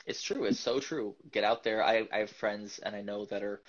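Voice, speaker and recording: Low-voiced man rambling on a podcast. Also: moderate pace. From United States. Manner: rambling, animated, with frequent restarts and laughs. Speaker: podcast host. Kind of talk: casual conversational podcast chat. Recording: dull lo-fi podcast audio.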